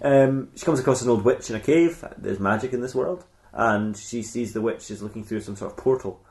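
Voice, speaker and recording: A man's voice: mid-range voice, fairly quick, a little mellow. A man hosting a podcast, improvising a comic story in a rambling, self-mocking way with bursts of laughter. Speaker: podcast host. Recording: roomy echo.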